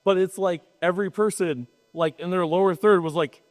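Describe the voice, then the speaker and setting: A man with a fairly high voice talks fast and jokes at a live panel. His sarcastic asides ring out in a big hall with a long reverb. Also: darkish tone. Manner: quick, joking, sarcastic asides. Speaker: podcast co-host. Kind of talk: casual panel talk. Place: hall at a trade show.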